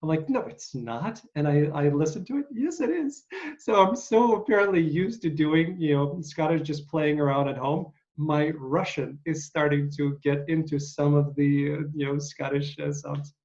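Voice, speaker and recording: A middle-aged man with a higher-side, darkish voice hosts a podcast at a moderate pace, his tone steady and pauses scarce. The casual interview chat is rambling and hesitant with many uhs, captured in dull lo-fi audio.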